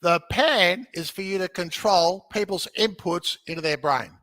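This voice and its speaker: High, bright-voiced energetic man. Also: measured pace, no echo. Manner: energetic, jokey, keeps checking in with "okay?". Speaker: podcast guest, real estate educator. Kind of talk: animated teaching in conversation.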